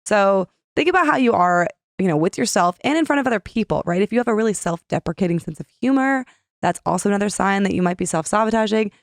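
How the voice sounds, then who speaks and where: A woman's voice: medium pitch, lively intonation, fast talker, dry recording, studio quality. A woman in her thirties co-hosting a podcast, chatty and self-mocking, acting out her inner voice in quotes. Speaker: podcast co-host. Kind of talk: casual chat.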